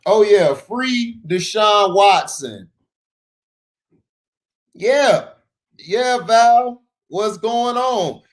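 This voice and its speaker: A man hosting a casual sports livestream, breaking into loud shout-outs to his chat viewers. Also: sits high, animated, very slow, pauses often. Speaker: sports talk livestream host.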